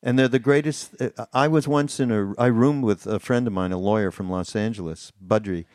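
A man hosting a podcast, talking in a relaxed, rambling way with lots of "uh"s. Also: fairly low pitch, fairly quick, no echo, studio quality. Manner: relaxed and rambling, with many fillers and restarts. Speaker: podcast host. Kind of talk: casual chat.

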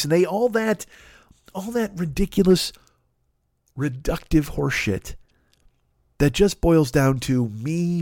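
A man's voice: on the high side, lively intonation, unhurried, pauses often, a little mellow, no room sound, clean studio sound. A man hosting a podcast, delivering an angry, profane comedic rant and mocking the people he talks about. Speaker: podcast host.

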